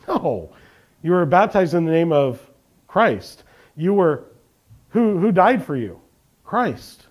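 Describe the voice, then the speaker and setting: Slow and sing-song, a pastor with a slightly high voice delivers a sermon. He reads scripture, puts questions to the congregation, and swings between emphatic and quiet moments.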